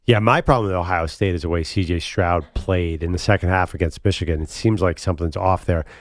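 A man co-hosting a casual sports show in a studio, jokey and quick to laugh. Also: deep voice, no room sound.

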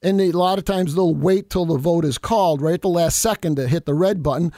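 A middle-aged man, telling political stories in a casual, animated way and acting out the people he quotes. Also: on the high side, a little fast, no echo, studio quality. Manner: animated storyteller, acts out quotes, chuckles. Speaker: state assemblyman hosting a politics show.

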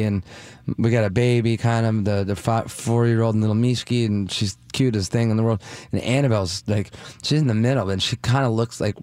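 A man's voice: medium pitch, darkish tone, no echo. A man guest-hosting a radio show in a studio, chatting in a rambling, self-deprecating, jokey way into a studio mic. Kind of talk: casual radio banter. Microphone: studio microphone.

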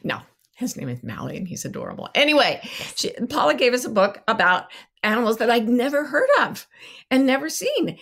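A woman's voice: lowish voice, gravelly, fairly bright tone. A woman co-hosting a podcast, rambling playfully and poking fun at herself in casual chat. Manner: rambling, playful, self-mocking. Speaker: podcast co-host.

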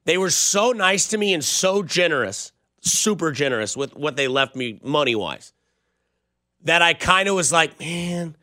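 Young male sports radio host, casual and rambling, slightly higher voice, dry booth sound. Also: bright, forceful tone, no echo. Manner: chatty, rambling storytelling. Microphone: studio microphone.

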